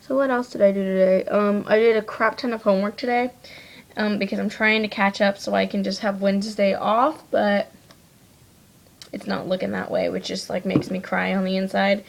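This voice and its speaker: A woman's voice: mid-range voice, little pitch movement, normal speed, creaky. A teenage girl chatting casually to her webcam while wiping off her makeup, rambling with lots of likes and ums. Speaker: vlogger. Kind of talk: casual chat to camera.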